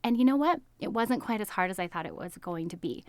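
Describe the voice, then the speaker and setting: A woman's voice: medium pitch, animated, fast, darkish tone, dry recording. Upbeat chatty American woman, dry close sound. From United States. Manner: chatty and upbeat, frequent "like", laughs often. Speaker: health coach. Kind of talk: casual podcast monologue.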